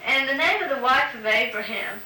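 A woman's voice: high-pitched, animated, a little fast, pushed and bright. A woman interviewer asking prompt questions patiently, with frequent ums. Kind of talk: structured question-and-answer interview. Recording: roomy recording with background hiss.

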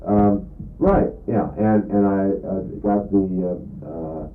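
Deep-voiced guy asking questions, stops and restarts a lot, sounds like an echoey phone line. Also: fairly even intonation, faint music behind. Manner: halting, with many restarts and fillers. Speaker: interviewer. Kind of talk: casual recorded conversation. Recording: phone-like, echoey, faint hiss.

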